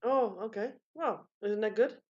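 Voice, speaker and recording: A woman's voice: fairly high pitch, moderate pace, warm tone. A woman joining a panel chat, teasing the host and giggling between remarks. Her voice comes through a dull, muffled line.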